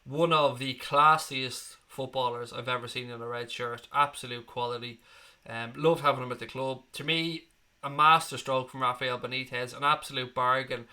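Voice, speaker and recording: Here an Irish fan channel host in his thirties talks at normal speed in a steady, sharp, mid-range voice. On his live football stream he reads viewer comments in a chatty, blunt manner, swearing freely.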